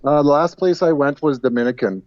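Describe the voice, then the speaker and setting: Halting man on a dull call line. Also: on the high side, a little mellow, dry recording. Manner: halting, repeats words, chuckles at own jokes. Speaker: guest caller. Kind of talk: casual chat. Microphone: video call.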